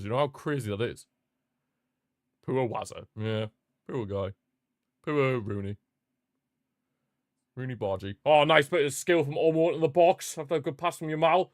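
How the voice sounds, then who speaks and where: A man hosting a live football watchalong, chatting excitedly, reacting to the match and answering viewer comments. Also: medium pitch, no echo, clean studio sound. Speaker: watchalong host.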